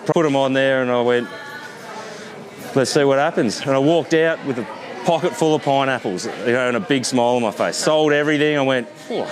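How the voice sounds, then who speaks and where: A relaxed, middle-aged Australian man tells a story outdoors, chatty and loose, swearing now and then. His pitch sits in a medium range, and a busy crowd murmurs clearly behind him. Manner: laid-back, swears casually, lots of fillers. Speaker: tour company founder. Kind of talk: casual storytelling.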